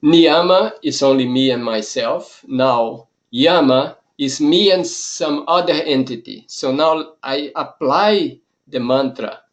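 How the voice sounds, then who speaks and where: A male yoga teacher and monk giving a spoken lesson. He speaks very slowly, setting out each idea in short, measured phrases with pauses between them. His voice sits at an ordinary middle pitch for a man. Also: highs cut off.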